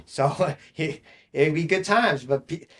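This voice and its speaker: With a fairly high pitch and a slow pace, a young male podcast co-host meanders through stories in easygoing chat. He often breaks into laughter partway through sentences.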